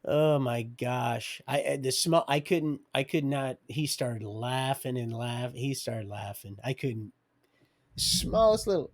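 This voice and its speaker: A man's voice: mid-range voice, lively intonation, slow. A middle-aged man telling his own life story on a live stream, digressive and loose, chuckling as he goes. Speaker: livestream storyteller. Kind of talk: rambling personal storytelling.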